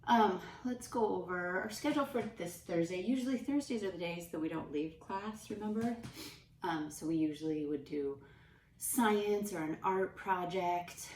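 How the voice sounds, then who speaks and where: A young woman teaching kindergarten from home, speaking gently and slowly with soft whispers to encourage the children. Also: fairly low pitch, reverberant, recorded from a distance, slight background noise. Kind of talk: remote class lesson for young children. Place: room at home.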